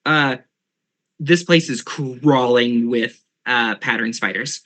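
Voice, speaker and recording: A man's voice: mid-range voice, takes it slowly, bright, forceful tone. A man narrating as game master of an online tabletop game, hesitant with many fillers.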